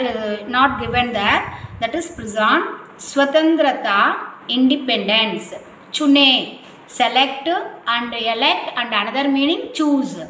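A woman teacher, slowly drilling vocabulary word by word in a revision lesson. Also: fairly high pitch, pushed and bright, slight background noise. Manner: slow, repetitive word-by-word drilling. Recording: echoey room with faint ambience.

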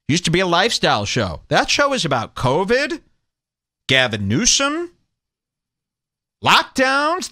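Animated mock-preachy podcast host man. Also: sits high, no echo, clean studio sound. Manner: mock-preachy, sarcastic exhortation. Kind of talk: ranting comedic monologue.

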